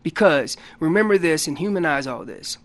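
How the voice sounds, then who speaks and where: A man talks loosely and energetically as a radio guest teaching listeners about calling. He bounces between plain explanation and quick acted-out lines, with his pitch jumping around as he goes. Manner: animated, explanatory, acts out what the animals say; loose casual grammar. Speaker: elk calling champion guest. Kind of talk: instructional radio interview.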